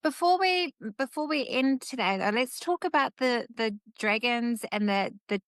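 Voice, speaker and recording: A woman's voice: fairly high pitch, animated, normal speed, dry recording. A woman hosting an interview, giving encouraging responses with many ums. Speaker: podcast host.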